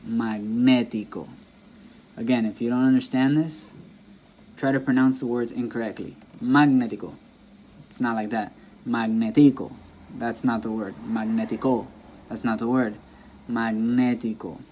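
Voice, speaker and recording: A man's voice: mid-range voice, fairly even intonation, a little fast, a little mellow, slight background noise. A man teaching a language lesson, patiently explaining rules and sounding words out again and again. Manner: patient, repetitive, demonstrates pronunciation by saying words aloud. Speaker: Spanish teacher. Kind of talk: classroom-style lesson explaining grammar.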